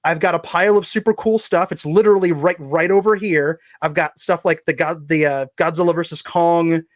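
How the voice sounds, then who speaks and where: A man's voice: a little high, fairly even intonation, a little fast, no echo, clean studio sound. A man chatting casually as a podcast guest, rambling and self-deprecating as he plugs his writing. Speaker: guest, fiction writer.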